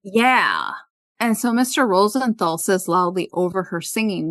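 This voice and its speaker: A woman's voice: medium pitch, big pitch swings, unhurried, a bit bright, no room sound. A woman hosting a podcast, casually retelling an episode's scenes and quoting the characters. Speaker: podcast host. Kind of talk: casual recap chat.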